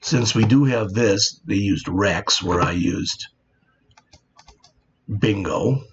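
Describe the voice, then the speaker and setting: Man, coding tutorial, unhurried explaining, dull lo-fi recording, faint keyboard clicks. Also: fairly low pitch, husky. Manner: plain, unhurried explaining with frequent "all right". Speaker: programming teacher. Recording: dull lo-fi sound with faint background noise.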